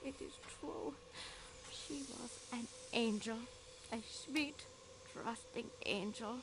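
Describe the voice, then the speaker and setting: A woman voicing a pious older female nurse in a game, earnest, halting and emotional. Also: fairly high pitch, background noise. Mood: devout.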